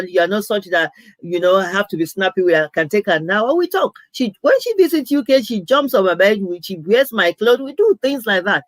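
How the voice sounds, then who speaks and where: A woman's voice: mid-range voice, no echo, poor audio. A middle-aged woman pastor telling personal stories in a live sermon, earnest and anecdotal, often restarting her sentences. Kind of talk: live sermon-style storytelling.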